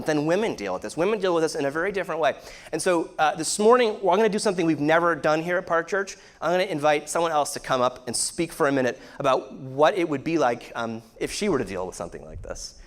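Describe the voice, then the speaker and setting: A male pastor preaching a sermon, telling a candid, self-deprecating personal story. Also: a little high.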